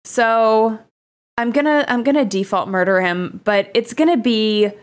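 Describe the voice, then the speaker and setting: A woman co-hosting a casual podcast, tired, telling dark jokes in a playful, deadpan way. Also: unhurried. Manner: playful, deadpan dark humor, lively pitch. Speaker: podcast co-host. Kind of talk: casual comedic chat.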